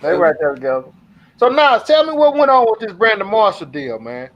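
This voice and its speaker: Guy cohosting a podcast, tells stories, does the voices, kinda high voice. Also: big pitch swings, fairly quick, dull audio. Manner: laid-back, storytelling, acts out quotes. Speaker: podcast co-host. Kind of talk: casual chat.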